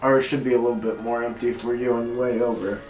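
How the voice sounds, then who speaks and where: A man's voice: mid-range voice, little pitch movement, fast talker, a little mellow, lightly acted. A man voicing a tired, grim king who gives orders after a disaster, talking in a clipped way with sighs, recorded in an echoey room with music in the background. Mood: weary. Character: weary, grim male king giving orders.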